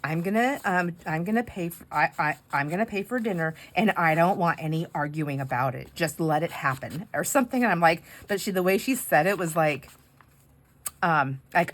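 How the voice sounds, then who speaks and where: A woman's voice: lowish voice, a little fast. A middle-aged woman chatting casually while crafting, telling rambling stories full of fillers and laughs. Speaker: craft vlogger.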